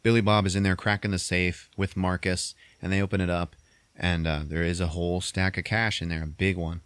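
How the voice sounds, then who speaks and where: Male podcast host, deep voice, dry sound, animated profane storyteller. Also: brisk, smooth, no echo. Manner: animated storytelling, swearing, acting out characters in squeaky voices. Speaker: podcast host recapping a movie. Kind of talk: casual chat.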